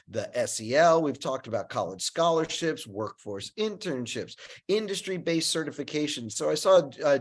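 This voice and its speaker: A man hosting a webinar over a video call, talking with frequent fillers and restarts. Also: on the high side. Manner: halting, many fillers and restarts, laughs easily. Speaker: webinar host. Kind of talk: webinar talk.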